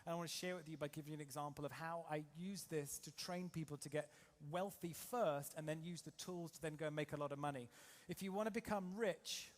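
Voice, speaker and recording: A man from England giving an energetic motivational seminar to a live audience, quizzing the crowd with rhetorical questions. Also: fairly high pitch. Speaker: trading coach and seminar speaker.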